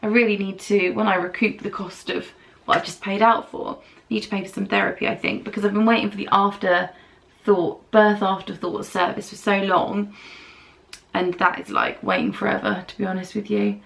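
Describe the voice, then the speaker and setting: A woman's voice: medium pitch, moderate pace, gravelly, fairly bright tone. A British woman vlogging casually at home while doing her makeup, telling a long, candid story while recovering from dental treatment. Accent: British English. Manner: chatty, candid, rambling storytelling. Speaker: beauty vlogger.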